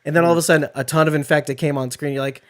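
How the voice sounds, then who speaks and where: A man's voice: on the high side, steady tone, rapid-fire. Rambling male podcast co-host. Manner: rambling, restarts a lot, acts out quotes. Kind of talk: casual reaction chat.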